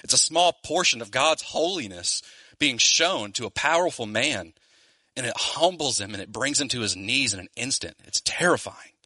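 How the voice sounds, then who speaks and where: A man preaching a sermon in a church, earnest and emphatic, slowing down to stress key phrases. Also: mid-range voice, expressive, sharp tone, no room sound. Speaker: pastor. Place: Louisiana church.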